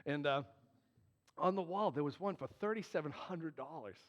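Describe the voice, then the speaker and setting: High-voiced pastor preaching in a reverberant hall. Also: male voice, normal speed. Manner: earnest, joking asides, emphatic. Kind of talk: sermon. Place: church sanctuary. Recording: dull, long hall reverb.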